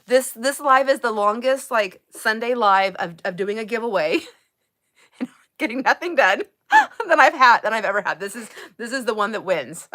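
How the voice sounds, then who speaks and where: A woman's voice: fairly high pitch, expressive, normal speed, bright, forceful tone. Woman host, middle-aged, chatty live-stream talker with easy laughter. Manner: chatty, laughs often, restarts sentences. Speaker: livestream host. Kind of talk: casual live-stream chat.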